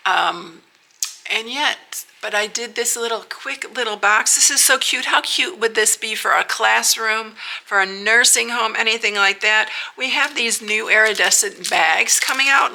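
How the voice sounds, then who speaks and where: A woman's voice: medium pitch, vocal fry, pushed and bright. A middle-aged woman hosting a casual paper craft vlog, chatty and emotional, often saying y'all. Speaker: paper craft channel host.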